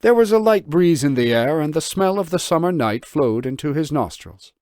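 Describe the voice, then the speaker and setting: A man's voice: on the high side, moderate pace, dry recording, studio quality. A man narrating his own novel as an audiobook, telling the story expressively. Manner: expressive storytelling with voiced dialogue. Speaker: author and narrator.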